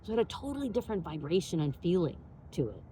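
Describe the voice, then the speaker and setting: A woman hosting her own show, telling a personal story in an animated way, full of "like" fillers and acted-out dialogue. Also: fairly low pitch, fast, a little hiss or hum. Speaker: podcast host.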